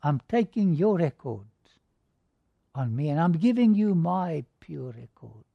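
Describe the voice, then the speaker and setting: A man voicing a solemn, merciful male judge who speaks gravely and with compassion. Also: on the high side, sing-song, a little slow, dry recording, heavily acted. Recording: dull lo-fi recording.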